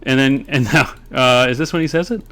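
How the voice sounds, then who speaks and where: A man's voice: mid-range voice, brisk, fairly bright tone. A man giving casual commentary over a replay of his own card game, frustrated and swearing often, rambling through his thoughts with fillers and restarts. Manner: frustrated, ranting, profane. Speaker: gameplay commentator.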